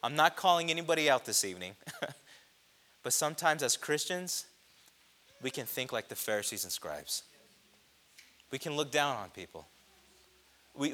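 A man preaching a sermon, impassioned, swelling loud on repeated phrases. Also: medium pitch. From grew up on a reservation.

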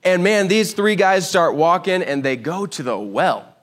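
A man preaching a sermon, telling a Bible story with lively acted-out voices. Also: sits high, a little slow. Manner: animated storytelling, acts out voices. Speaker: pastor.

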